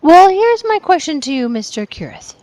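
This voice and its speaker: A woman's voice: very high voice, very animated, moderate pace, a little mellow, dry recording, pitched above the performer's own voice. A woman voicing a sly young female adventurer who teases a dragon with half-whispered questions. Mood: teasing.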